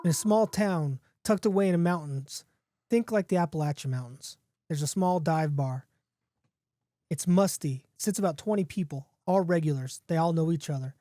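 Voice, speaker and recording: Mellow-voiced man reading a spooky tale. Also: on the high side, normal speed, dry recording, clean studio sound. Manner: chatty, playful storytelling with restarts. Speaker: podcast host. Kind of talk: casually reading his own spooky story.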